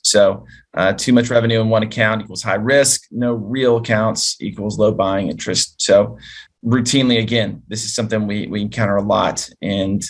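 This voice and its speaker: A man's voice: on the low side, steady tone, moderate pace. A man presenting a business training webinar as an advisor, explaining in a conversational way through client stories.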